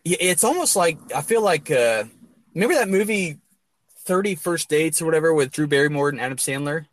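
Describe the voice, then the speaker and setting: A man hosting a crude, casual comedy podcast chat, now and then bursting into mock sports-announcer shouting. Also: on the high side, lively intonation, a little fast, no echo. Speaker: podcast host.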